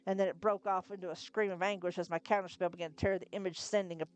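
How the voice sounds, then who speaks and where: A woman reading a novel aloud on a live stream, narrating in the first person with steady storytelling and occasional self-corrections. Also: lowish voice, quick pace. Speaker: narrator, reader.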